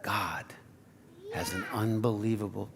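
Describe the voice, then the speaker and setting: A man's voice: on the low side, steady tone, a little slow, gravelly, heavy background noise. A man preaching a sermon to his congregation in a conversational, playful way, often asking the room questions. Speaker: pastor. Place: church sanctuary.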